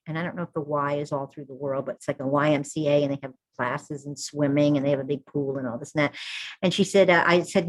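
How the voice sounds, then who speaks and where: Low, husky woman giving a heartfelt talk. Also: a little fast, rough recording. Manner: earnest, repeats "all right" and "okay". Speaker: birth keeper. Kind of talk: informal talk to an audience.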